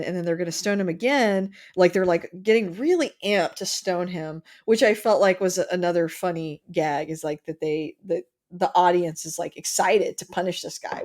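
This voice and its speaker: A woman's voice: fairly low pitch, a little mellow. A woman hosting a podcast, chatting casually about a film with frequent fillers and restarts. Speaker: podcast host. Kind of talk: casual chat.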